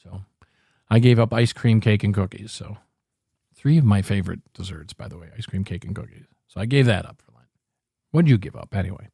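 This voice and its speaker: A man's voice: fairly low pitch, brisk, vocal fry, long pauses, warm tone, husky, no echo, clean studio sound. A man hosting a podcast, ranting angrily about politics, swearing freely and rambling with frequent restarts. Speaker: podcast host. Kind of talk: profane political commentary rant.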